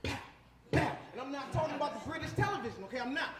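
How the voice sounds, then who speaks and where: A man's voice: extremely high pitch, animated, racing, recorded from a distance. A man doing a stand-up comedy set, telling crude, rambling stories from a club stage. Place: comedy club stage before a live audience. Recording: roomy club sound with clear background noise.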